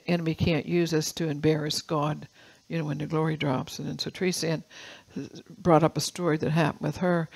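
An older woman pastor preaching a sermon, reading scripture slowly and telling personal stories with laughs. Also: low-pitched, creaky, poor audio.

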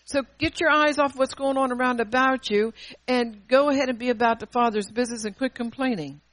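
A woman preaching to her congregation, her voice jumping from forceful bursts to near-whispered lines. She throws in quick call-and-response asides between scripture readings. The recording is dry and close, with no room echo. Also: fairly high pitch. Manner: animated, swings between loud and hushed. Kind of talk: sermon.

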